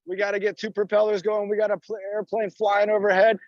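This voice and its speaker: High-voiced man coaching a workout outdoors. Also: completely flat delivery, fast talker, dry recording. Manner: encouraging, talks through each move while exercising. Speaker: fitness coach. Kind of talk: live outdoor workout class. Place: outdoors in a park. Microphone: phone. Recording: dull dry lo-fi phone audio.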